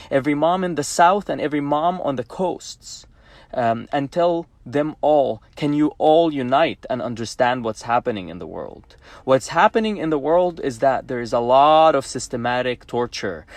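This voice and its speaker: A man in his thirties from Egypt, a native Arabic speaker, talks in English with an Egyptian accent. His medium-pitched voice is recorded with no echo as he gives an emotional personal monologue, pleading yet defiant, repeating phrases for emphasis.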